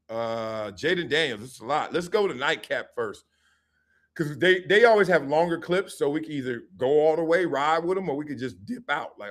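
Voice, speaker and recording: A middle-aged man hosts a live sports stream, a former player telling stories. His voice sits a little above the usual pitch for a man and stays lively and joking, with quick asides. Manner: animated storytelling with laughs and quick asides. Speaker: sports show host, former football player.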